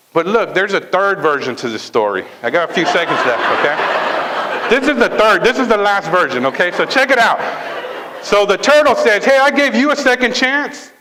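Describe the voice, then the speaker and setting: A man giving a motivational talk at a sales training event, telling a fable in a lively way and often checking in with the audience. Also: high-pitched, poor audio. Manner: lively storytelling, checks in with "right?" and "okay?".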